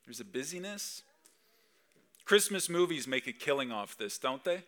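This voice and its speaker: In a mid-range, slightly bright voice at normal speed, a very animated male pastor delivers a Christmas Eve sermon during a church service. His manner is conversational, and he keeps asking the congregation rhetorical questions.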